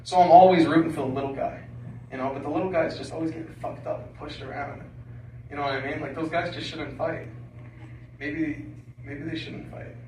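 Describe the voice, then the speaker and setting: Brief: male comic, high voice, crude rambling stand-up, distant mic in an echoey basement room. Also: fairly even intonation, fairly quick, noisy background. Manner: crude, rambling, filler-heavy delivery. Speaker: stand-up comedian. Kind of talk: stand-up set. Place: small basement comedy room.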